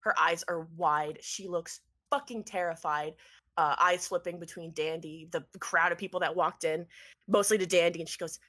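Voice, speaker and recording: A woman's voice: on the low side, steady tone, moderate pace, a bit bright. A woman narrating a tabletop game as game master, casual, with fillers.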